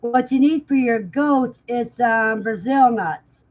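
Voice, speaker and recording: Woman livestream host, easygoing and slow-spoken, a touch high, muffled lo-fi audio. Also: a little hiss or hum. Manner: unhurried, chatty, laughs often. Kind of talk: casual chat, reading out live comments.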